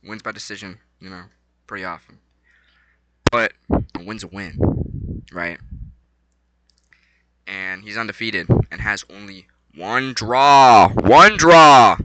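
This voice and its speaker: A young man rambling casually about a fight night, excitable and slangy, swinging between low mumbles and loud bursts. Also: slow, long pauses, a little hiss or hum, rough recording. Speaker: vlogger.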